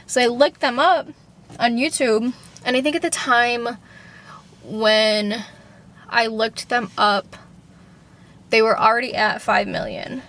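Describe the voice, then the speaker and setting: Slow-talking young woman, rambling vlog chat. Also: fairly high pitch, fairly even intonation, fairly bright tone. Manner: rambling, heavy on "like", swears freely. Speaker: vlogger. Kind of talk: casual personal monologue.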